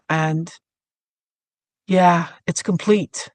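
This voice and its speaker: A woman guest on a podcast, softly and reflectively telling a personal story with many pauses. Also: lowish voice, fairly even intonation, dry recording.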